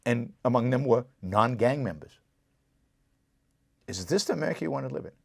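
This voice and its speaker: A man's voice: mid-range voice, animated, brisk, creaky, darkish tone, slightly rough, dry recording, clean studio sound. A man hosting his own show, giving impassioned political commentary, repeating points for emphasis and answering viewer comments directly. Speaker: show host.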